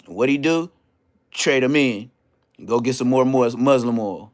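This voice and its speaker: A man telling stories as a podcast guest, in slangy, animated casual talk full of restarts. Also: medium pitch, normal speed. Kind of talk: casual storytelling.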